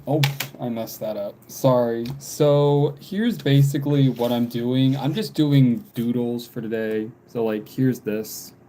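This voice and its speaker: Slow-talking man in his twenties. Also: mid-range voice, steady tone, warm tone, slight background noise. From America. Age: 20s. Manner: rambling, repeats himself, frequent ums. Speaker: livestream drawing vlogger. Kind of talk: casual chat while drawing.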